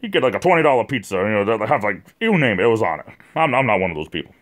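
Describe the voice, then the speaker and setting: A man's voice: fairly low pitch, very animated, racing. A man from New England hosting a casual livestream, rambling and chatty, with many fillers and repeated words, talking to viewers in the chat by name. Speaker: livestream host.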